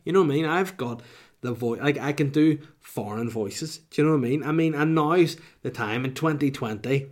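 A Northern Irish man chats on his podcast in a loose, rambling way, cracking jokes at his own expense. His voice sits at an ordinary male pitch, and he sounds sniffly from a cold. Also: a little fast. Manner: jokey, rambling, self-mocking. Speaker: podcast host. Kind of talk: casual rambling podcast chat.

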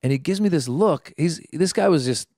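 A man telling a story in casual chat, animated, with quick restarts and stammers. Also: on the high side, no echo, studio quality. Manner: animated, acts out the people in his story. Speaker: guest.

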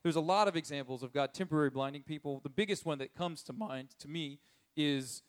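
A male preacher talking through scripture in a loose, conversational way, chuckling as he goes. His voice sits a little high for a man. He slips into quick voices for the people in the story. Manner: chuckles often while telling the story; acts out characters' lines in quick voices. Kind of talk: conversational sermon.

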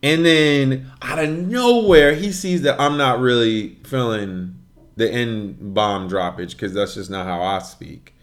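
A man telling a story in casual chat as a podcast co-host, animated and full of fillers. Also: mid-range voice, slow.

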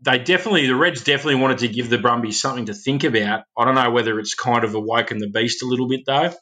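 A man's voice: mid-range voice, rapid-fire, bright, forceful tone. An Australian man co-hosting a rugby podcast, chatting casually with laid-back, sarcastic banter. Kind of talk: casual chat.

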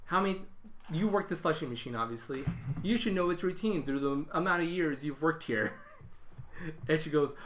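A man's voice: on the high side, normal speed, a bit bright, slight background noise. A young man, co-hosting a casual podcast and animatedly acting out the dialogue in his stories. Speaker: podcast co-host. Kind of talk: casual chat.

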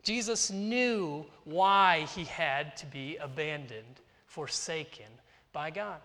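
A man preaching a sermon in a slow, earnest, deliberate way, with dramatic pauses. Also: a little high, bright, forceful tone. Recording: reverberant hall.

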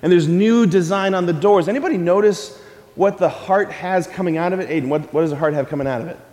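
A man preaching a sermon in a fairly high voice, leading his congregation in call-and-response and hammering key phrases through repetition. He slows down to spell words out letter by letter. His voice carries a long reverb tail, as if picked up in a large church hall. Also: darkish tone.

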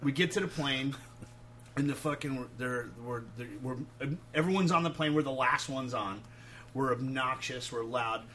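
A man, a touring musician, telling animated road stories full of swearing and acted-out quotes. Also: medium pitch, normal speed. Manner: profane, animated anecdotes acting out quotes. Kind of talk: casual storytelling.

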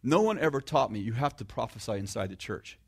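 A middle-aged man preaching in a relaxed, conversational way, with a sarcastic, self-mocking humor. He restarts his sentences often and turns to the audience with questions. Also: medium pitch, a little fast. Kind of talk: conversational sermon.

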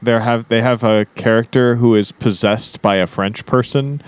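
A man co-hosting a podcast in casual chat, animated and often breaking into laughter while talking. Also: medium pitch, normal speed, slight background noise. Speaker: podcast co-host.

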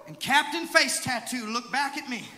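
A young male evangelist preaching a storytelling sermon, moving from hushed asides to shouted exhortation. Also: very high voice, lively intonation, normal speed, noisy background. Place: large church sanctuary. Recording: echoey hall with crowd.

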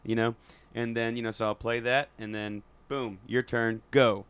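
A man's voice: mid-range voice, level tone, moderate pace, crowd noise. A man who teaches voice, telling a story in a casual chat with a laid-back manner and plenty of fillers.

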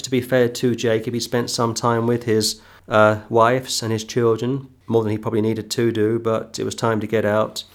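A man teaching a Bible sermon, reading King James verses slowly and repeating phrases for emphasis. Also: medium pitch. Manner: reads scripture slowly, then comments with emphatic repetition. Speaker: preacher.

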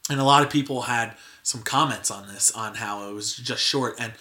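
A young man hosts a casual podcast at an ordinary middle pitch. His voice is bright and clear. He rambles loosely, peppering his talk with "like" and restarting his sentences. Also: normal speed. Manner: filler-heavy, frequent "like" and restarts. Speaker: podcast host. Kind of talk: casual chat.

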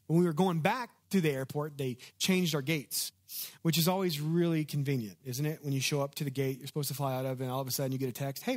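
A pastor preaching in a relaxed, conversational way, telling stories and drawing the congregation in with questions. His voice sits a little higher than most men's. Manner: conversational, storytelling, asks congregation to respond. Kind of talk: sermon.

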